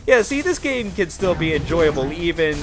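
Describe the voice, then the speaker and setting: A man's voice: a little high, sing-song, moderate pace. A man hosting a let's play, chatting casually in a rambling way, with lots of filler words and frequent laughs. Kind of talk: casual gameplay commentary. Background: game music.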